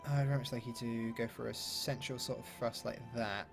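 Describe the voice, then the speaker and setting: A man's voice: medium pitch, steady tone, fairly quick, vocal fry, music in the background. A man giving chatty, upbeat let's-play commentary with British slang and mild swearing. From London, England. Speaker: gaming YouTuber.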